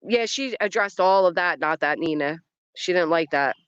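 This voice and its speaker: A woman's voice: lowish voice, animated, moderate pace, fairly bright tone, clean tone, dry recording, highs cut off. A woman hosting a casual livestream outdoors, dramatic and talking straight to her chat. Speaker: livestream host. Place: outdoors in a yard by trees.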